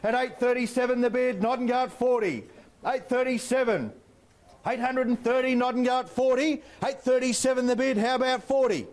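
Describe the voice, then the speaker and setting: An Australian man working as an auctioneer, calling bids in a rapid rhythmic patter with playful banter to the bidders. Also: extremely high pitch, fairly even intonation. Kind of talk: live property auction calling.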